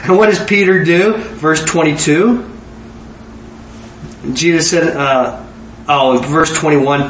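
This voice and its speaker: Animated preacher man in an echoey room. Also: a little high, takes it slowly, pauses often, a little hiss or hum. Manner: animated, acts out dialogue in voices, laughs often. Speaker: pastor. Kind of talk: sermon. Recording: echoey room with faint ambience.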